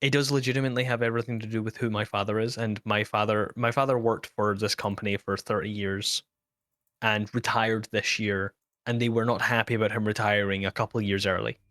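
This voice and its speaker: A man on a voice call, talking in a halting way with many restarts, telling a story in casual chat. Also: on the low side, flat delivery, a bit bright, no room sound, studio quality. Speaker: caller.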